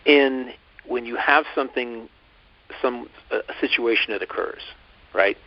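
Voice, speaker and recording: A man co-hosting a podcast, calmly telling a personal story in casual chat, with many restarts and asides. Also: medium pitch, a little slow. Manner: calm, reflective, lots of restarts and asides. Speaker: podcast co-host. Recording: dull lo-fi podcast audio.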